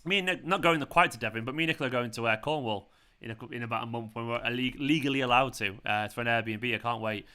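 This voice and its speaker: Bright-voiced, chatty streamer. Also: male voice, mid-range voice, fast, clean tone. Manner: chatty, excitable, swears when shocked. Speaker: football watchalong streamer. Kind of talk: casual live-stream chat.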